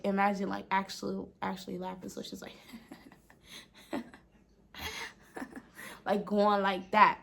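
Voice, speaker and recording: A woman's voice: mid-range voice, creaky, fairly bright tone. A woman vlogger telling a storytime tale in a casual way, dropping "like" often and half-whispering at times. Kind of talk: storytime vlog.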